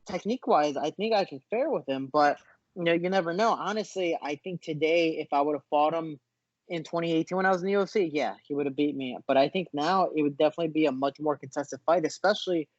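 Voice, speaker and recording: A man, a fighter guest in a casual interview, telling animated stories with lots of restarts, over muffled video call audio. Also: fairly high pitch, quick pace, no echo. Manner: animated storyteller, frequent restarts.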